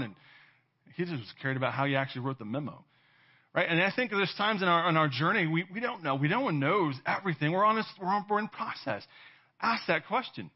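A man's voice: high-pitched, lively intonation, a little fast. A man preaching a conversational sermon. He keeps checking in with "right?", laughs now and then and acts out quoted voices. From California. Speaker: pastor. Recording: dull lo-fi sermon audio.

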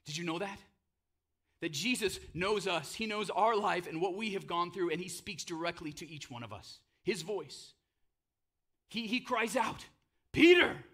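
Preaching at a moderate pace, a male pastor tells the story with animated drama, sinking to a hush before booming out names. He mixes in casual, joking asides.

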